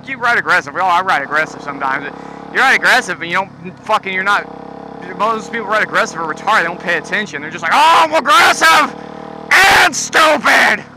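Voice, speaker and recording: A man vlogging while riding a motorcycle at night, rambling in a scatterbrained, joking and profane way. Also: high-pitched. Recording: heavy road and engine noise.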